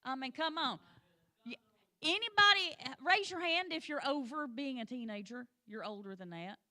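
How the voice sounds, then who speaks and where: A woman's voice: high-pitched, animated, normal speed, sharp tone. A woman teaching a Sunday school lesson, plain-spoken and folksy, with joking asides, and urging the class on directly.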